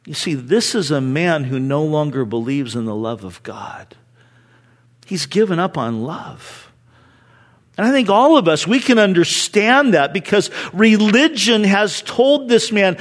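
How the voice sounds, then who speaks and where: A middle-aged male preacher giving a sermon, dropping from loud emphasis to hushed near-whispers. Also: sits high, very animated, normal speed.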